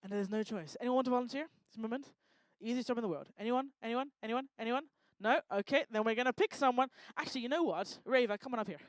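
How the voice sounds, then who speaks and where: A woman doing lively, teasing crowd work on a live talk stage, speaking into a handheld microphone. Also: a little high, no room sound. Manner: energetic, teasing, bossy and quick to joke. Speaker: stage performer working the crowd.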